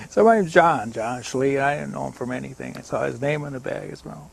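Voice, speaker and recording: Creaky with a breathy edge, this medium-pitched male voice speaks at normal speed. He's an older American, a rambling anecdotal storyteller spinning golf tales in a casual interview with the occasional chuckle.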